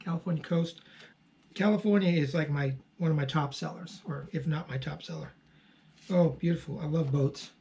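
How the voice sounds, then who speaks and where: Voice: mid-range voice, vocal fry, dark tone, slight background noise. Gushing, chatty postcard seller. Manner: chatty, gushing over each card, frequent fillers. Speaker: online postcard seller and channel host. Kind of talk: casual unboxing commentary.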